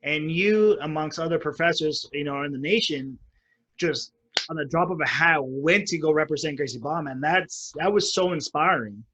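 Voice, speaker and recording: A man hosting a casual podcast interview, speaking in an admiring, relaxed way. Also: on the high side, normal speed, poor audio. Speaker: podcast host.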